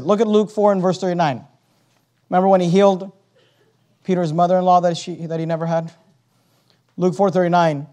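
Male preacher, high tenor, impassioned, swells to emphatic peaks. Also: darkish tone. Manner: reads scripture in King James wording. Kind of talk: sermon.

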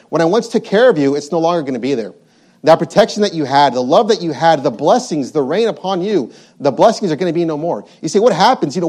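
A man's voice: a little high, a little mellow. A man preaching a sermon, reading scripture aloud and repeating his points with emphasis.

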